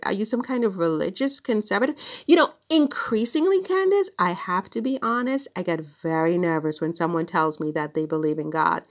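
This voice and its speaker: A woman vlogging in a loose, rambling monologue at a medium pitch. She hesitates often, restarting sentences and filling gaps with small words. At times she turns and speaks straight to the person she is talking about. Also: a bit bright. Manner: addresses her subject directly. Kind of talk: casual monologue to camera.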